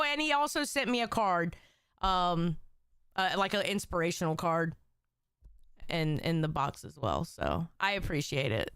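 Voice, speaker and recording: A woman's voice: medium pitch, a bit bright, smooth, no echo, studio quality. A woman hosting a casual livestream, emotional and teary, joking and swearing as she chats with viewers. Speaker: livestream host.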